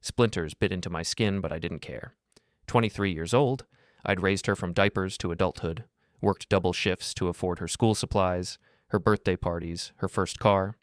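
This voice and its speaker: A middle-aged man narrating a first-person story in a steady, grave, measured way. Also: sits low, clear, resonant tone, dry recording, clean studio sound.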